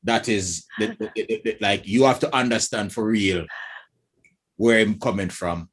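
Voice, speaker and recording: A man's voice: lowish voice, unhurried, slightly rough. A Jamaican man co-hosting a casual panel chat, talking with emphatic conviction. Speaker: co-host.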